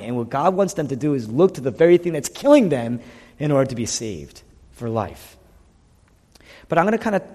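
A male pastor delivering a sermon with a slightly husky, breathy voice. His delivery surges to loud urgency and then falls to hushed near-whispers. The sound carries a long reverb from the worship hall. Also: medium pitch.

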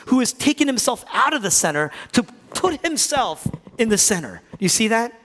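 A man preaching a sermon as pastor, swinging between loud declarations and hushed near-whispers. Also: high voice. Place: church hall. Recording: hall reverb.

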